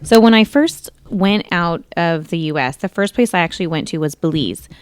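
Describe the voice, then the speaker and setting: A woman radio host in her thirties tells a long personal story in a chatty, meandering way, often correcting herself. Her voice sits low and sounds smooth and clear, recorded dry and close. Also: lively intonation, normal speed, no echo. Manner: chatty, rambling, with self-corrections and laughs. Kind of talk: casual storytelling on talk radio.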